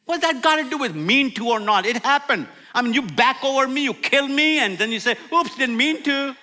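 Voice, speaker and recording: A middle-aged man preaching a sermon with humor, swinging from loud outbursts to near-whispers. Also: extremely high pitch, brisk, a little hiss or hum. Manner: animated, humorous preaching with sudden loud and soft turns. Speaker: pastor.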